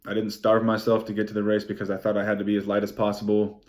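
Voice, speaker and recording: A young man recapping his race in a vlog, excited and rambling, swearing freely and saying "like" often. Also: fairly low pitch, quick pace. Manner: excited, rambling, swears a lot, many "like" fillers. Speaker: vlogger.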